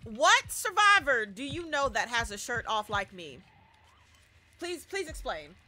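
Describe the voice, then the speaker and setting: A woman chatting casually and excitedly on a live gaming stream, talking back to the game and thanking viewers. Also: high-pitched, a little slow.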